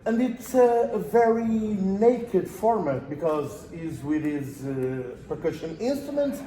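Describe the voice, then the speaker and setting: A man with a Portuguese accent interviewing a musician in English, speaking slowly and searching for words with many pauses. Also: high voice, very animated, mellow. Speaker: journalist interviewer. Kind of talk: interview questions. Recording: echoey room.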